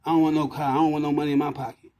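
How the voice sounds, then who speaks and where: A man's voice: fairly high pitch, little pitch movement, racing, darkish tone, rough recording. A man ranting into his phone outdoors, agitated, profane and repetitive. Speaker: vlogger ranting to camera. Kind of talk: rambling outdoor rant. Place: outdoors by walls and concrete.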